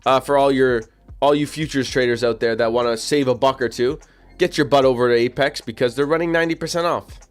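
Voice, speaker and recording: Over soft background music, a medium-pitched man talks briskly with fairly even intonation. As host of a live trading stream, he addresses chat directly in casual slang, repeats himself, and hiccups every so often.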